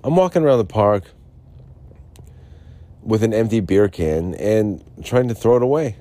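A man's voice: on the low side, animated, normal speed, dark tone. A man hosting a solo podcast, rambling and frustrated, mumbling and repeating himself. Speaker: podcast host. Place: Arizona.

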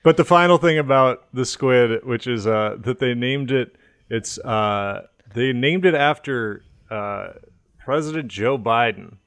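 A man's voice: medium pitch, a little slow, a bit bright, clean tone, no room sound, studio quality. A man co-hosting a podcast, chatting casually, making rambling jokey asides and laughing often. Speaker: podcast co-host. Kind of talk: casual chat.

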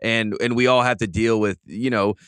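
A man's voice: lowish voice, steady tone, moderate pace, a bit bright, clear, resonant tone, no echo. A man hosting a sports podcast, ranting in an emphatic, fired-up way in casual chat. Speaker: podcast host.

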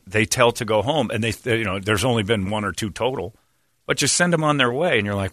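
A man's voice: fairly low pitch, expressive, fast talker, a bit bright, no room sound, studio quality. A man hosting a podcast, telling stories in a rambling way and laughing often. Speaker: podcast host. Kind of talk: casual comedic storytelling.

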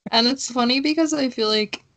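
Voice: medium pitch, brisk, fairly bright tone. A podcast co-host chatting casually about a film, with many fillers and frequent giggles.

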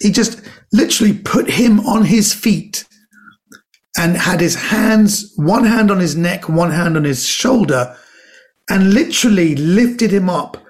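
A man with a slightly high voice, telling a story with energy and bursts of speed. He acts out the people he quotes as he goes. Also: expressive, unhurried. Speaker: comedian guest. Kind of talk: animated anecdote telling.

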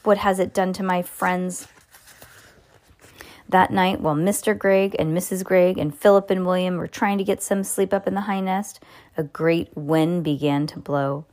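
A woman reading a children's book aloud in an expressive, lively way. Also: on the low side, moderate pace. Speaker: storyteller.

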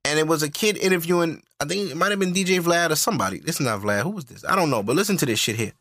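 A man rants into the mic on his podcast, loud, profane and disbelieving. His voice sits high and sounds bright. The room is dry. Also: expressive, racing, no echo. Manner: loud, profane, incredulous ranting. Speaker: podcast host. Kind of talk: ranting solo podcast commentary.

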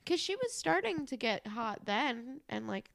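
A young woman talks over a show recap with a slightly high voice. She is animated and giggly and swears freely. She acts out quotes as she goes. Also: unhurried, creaky. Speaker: podcast co-host. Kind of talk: casual recap chat.

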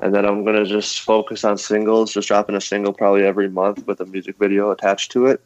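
A man's voice: fairly low pitch, monotone, quick pace, a little mellow, no room sound, dull audio. A man who is a rapper, chatting casually as a podcast guest, laid-back and swearing freely. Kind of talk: casual interview chat.

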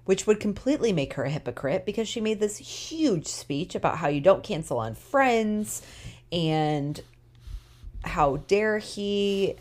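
Woman, low voice, casual podcast recap, animated storyteller, tired. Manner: animated storyteller, emphatic opinions. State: tired, yawning. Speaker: podcast co-host.

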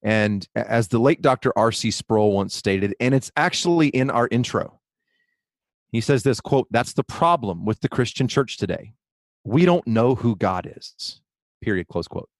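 A podcast co-host speaks earnestly about faith in casual talk that turns into theological preaching, reading quotes aloud with lots of fillers and restarts. His medium-pitched voice is animated at a moderate pace, and the recording is dry.

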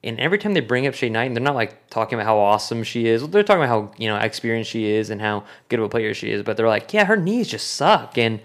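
A man's voice: on the low side, racing, few pauses. A man hosting a casual sports podcast, joking and steering the talk along. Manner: jokey, lively, steers the talk. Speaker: podcast host.

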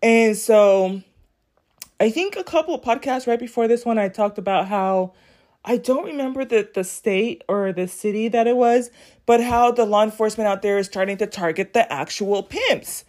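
A woman's voice: mid-range voice, normal speed, darkish tone. A woman hosting a podcast, talking casually and reacting to news clips, often addressing her listeners directly. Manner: chatty, addresses listeners as y'all. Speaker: podcast host.

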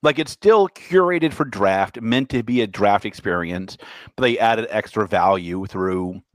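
A man co-hosting a casual podcast, jokey and lively in how he talks. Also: a little slow, dry recording. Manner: lively, jokey, bursts into high laughs. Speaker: podcast co-host. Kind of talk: casual chat.

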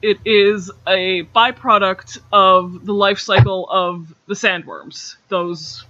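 A high-pitched man with a bright, sharp edge talks in a loose, chatty way, with plenty of "like" and laughs slipping in between points. The recording is dull and lo-fi, with a dry, close sound. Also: fairly even intonation, takes it slowly. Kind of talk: casual explanatory chat.

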